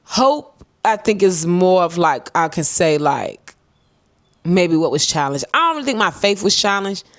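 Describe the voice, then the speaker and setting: A woman's voice: expressive, unhurried, dry recording. Young woman vlogging storytime, calls everyone girl, dry close mic. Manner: chatty, talks to viewers as "girl" and "y'all"; reflective, swings high and low in pitch. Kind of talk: casual storytime to camera.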